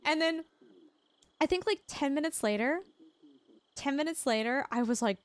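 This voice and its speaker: A woman's voice: high voice, expressive, normal speed. A woman streamer chatting casually while gaming, telling rambling stories and laughing often. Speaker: Twitch streamer.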